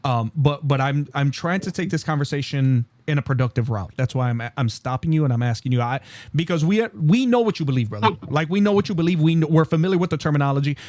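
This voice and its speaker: A man's voice: a little high, expressive, fast talker, few pauses, darkish tone, no room sound. A young man hosting a live call-in podcast, cutting in with insistent, repeated questions. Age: young adult. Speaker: podcast host.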